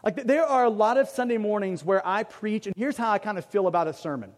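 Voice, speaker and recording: A pastor preaches a conversational sermon in a high, quick voice, joking at his own expense and driving points home through emphatic repetition. Long hall reverb surrounds the recording.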